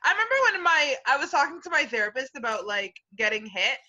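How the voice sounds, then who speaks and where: A woman guest on a casual podcast, talking in an animated way with laughs and many fillers. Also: sits high, quick pace, muffled recording. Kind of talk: casual chat.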